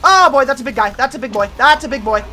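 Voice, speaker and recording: High, bright-voiced excitable woman streamer. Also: quick pace. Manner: excitable, yells and curses at enemies, cheers. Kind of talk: live gameplay commentary.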